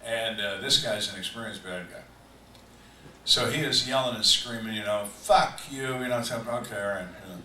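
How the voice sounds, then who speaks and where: An older man who was a homicide detective tells dry, deadpan stories with slow, emphatic pauses at a live fan Q&A. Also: fairly low pitch, slight background noise. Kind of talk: live storytelling Q&A. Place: event room on a cruise ship, live audience. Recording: echoey room, distant mic, faint ambience.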